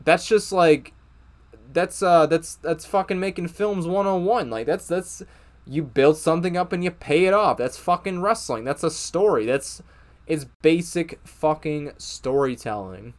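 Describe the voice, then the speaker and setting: A young man reviews a TV episode casually, sounding exasperated and profane, with lots of fillers and restarts. His voice is fairly high and his pace a little slow.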